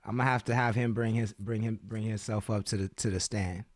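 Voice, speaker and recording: A man's voice: on the low side, fairly even intonation, brisk, no room sound, clean studio sound. A man hosting a live hip-hop radio stream, chatting loosely and reading viewer comments aloud with plenty of swearing. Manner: loose, reads chat aloud, swears freely. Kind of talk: casual live-stream chat.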